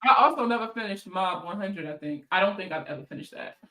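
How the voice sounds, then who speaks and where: Woman host, casual live chat, bright and forceful tone, slangy and profane, quick to laugh, answers viewer comments. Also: medium pitch, animated, a little hiss or hum, poor audio. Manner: slangy, swears freely, laughs often; reads viewer comments aloud and answers them. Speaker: financial counselor hosting a live chat.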